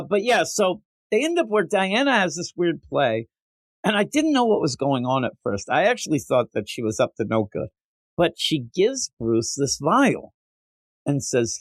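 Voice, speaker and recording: A man co-hosting a casual comic book review podcast, animated and acting out characters' lines in quick voices. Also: a little high, no echo. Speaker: podcast co-host.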